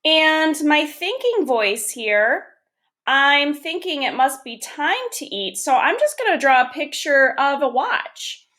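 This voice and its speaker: A woman teaching young children, reading a picture book aloud and explaining step by step in a gentle, encouraging way. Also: high voice, big pitch swings, slow pace. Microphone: camera or phone on a desk.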